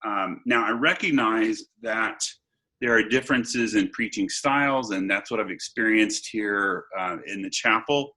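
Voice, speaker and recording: Bright-voiced man teaching a seminar. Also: fairly low pitch. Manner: conversational, pauses with fillers and restarts, stresses points. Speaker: seminar presenter and pastor. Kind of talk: online seminar lecture. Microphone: video call.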